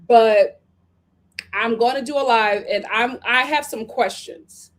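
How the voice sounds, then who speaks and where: A woman's voice: on the high side, takes it slowly. A woman hosting a casual live stream, chatting animatedly and reading viewer comments aloud with playful exaggeration.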